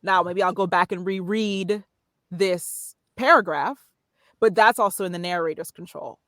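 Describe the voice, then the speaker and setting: A woman voiceover artist as a podcast guest, speaking thoughtfully with frequent pauses and fillers. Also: lowish voice, fairly bright tone, no room sound, studio quality. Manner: thoughtful, halting, many fillers. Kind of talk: casual podcast interview.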